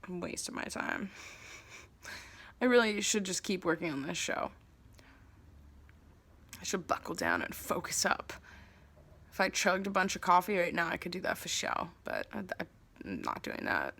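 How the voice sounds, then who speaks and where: A woman's voice: fairly low pitch, sing-song, measured pace, long pauses, a bit bright, slightly rough. A young woman vlogging casually to the camera, thinking aloud in a rambling, self-mocking way. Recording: faint background noise.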